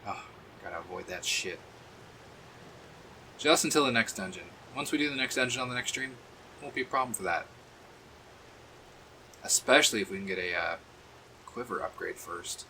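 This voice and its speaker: A man with a lowish voice and a bright, forceful edge talks his way through a game stream. He rambles, thinks aloud and curses freely. A faint hum of noise sits behind him. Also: expressive, moderate pace, pauses often. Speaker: streamer playing a video game. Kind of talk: casual gameplay commentary.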